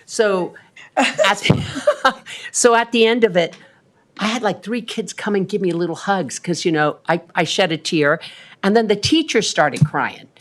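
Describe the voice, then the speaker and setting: A woman's voice: medium pitch, measured pace. A woman in her sixties on the city council, giving a rambling, chatty report full of ums at a council meeting. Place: council chamber.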